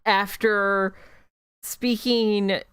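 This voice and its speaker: A woman's voice: mid-range voice, fairly even intonation, a bit bright, clear, resonant tone, dry recording, clean studio sound. A woman from Chicago with a Chicago accent, chatting casually and rambling into a desk mic while livestreaming a game. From Chicago, United States. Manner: chatty and rambling, quick self-mocking asides. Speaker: streamer. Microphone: desk microphone.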